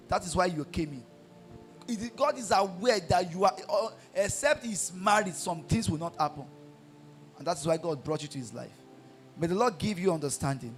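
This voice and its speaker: High-voiced emphatic preacher. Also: male voice, lively intonation, moderate pace, faint music behind. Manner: emphatic, repetitive, call-and-response. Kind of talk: sermon.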